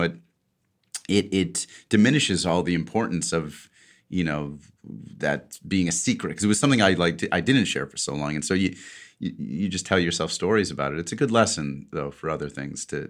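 Middle-aged male podcast host, very low voice, chatty and self-deprecating, laughs easily. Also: fairly bright tone. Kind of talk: casual podcast chat, reading a listener letter.

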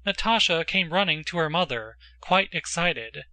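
A man narrating an audiobook in a measured storytelling manner. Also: a little high, expressive, bright, forceful tone, dry recording. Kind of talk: scripted narration.

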